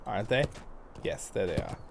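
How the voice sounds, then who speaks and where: A man's voice: low-pitched, huge pitch swings, normal speed, vocal fry, background noise. A man hosting a livestream, chatting casually and rambling as he plays, laughing often. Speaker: livestream host and guide. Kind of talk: casual gameplay commentary.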